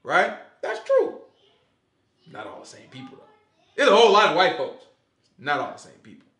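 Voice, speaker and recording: A man's voice: sits high, moderate pace, roomy sound. A man giving a casual Sabbath Bible teaching, in a loose, slangy way, often asking "you know what I'm saying?" and acting out quoted voices. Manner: animated, acts out quoted voices and laughs along.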